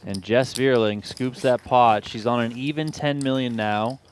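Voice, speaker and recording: A man calling poker hands play-by-play in a calm, steady manner. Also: mid-range voice, a little slow, a little hiss or hum. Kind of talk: live poker commentary.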